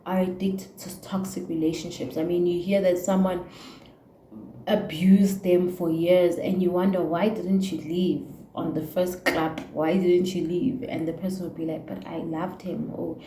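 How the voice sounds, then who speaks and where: A woman's voice: lowish voice, flat delivery, measured pace, warm tone, echoey room, a little hiss or hum, poor audio. A young South African woman with a South African accent, ranting heartfelt and preachy to her viewers, mixing in Zulu words. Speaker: YouTuber. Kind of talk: emotional casual rant to camera.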